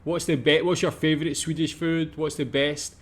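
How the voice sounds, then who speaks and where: A man with a somewhat high voice hosts a reaction video. He breaks in to put questions to his viewers in a plain, conversational way. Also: level tone, moderate pace. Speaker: reaction channel host. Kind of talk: reaction commentary.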